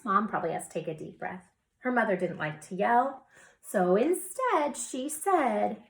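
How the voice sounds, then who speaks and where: A woman teacher reading a picture book aloud to young children, gentle and soothing with soft whispered asides. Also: medium pitch, animated, measured pace, creaky.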